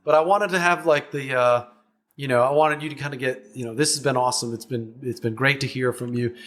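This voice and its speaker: A man's voice: mid-range voice, fairly even intonation, a little fast, a bit bright. A man hosting a podcast in casual interview talk, rambling and restarting his sentences often. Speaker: podcast host.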